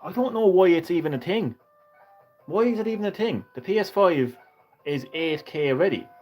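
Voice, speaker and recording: A man's voice: high-pitched, animated, normal speed, dull audio, soft background music. A man streaming a retro game, chatting with viewers in a sweary, ranting way. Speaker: gaming streamer. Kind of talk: casual live-stream chat.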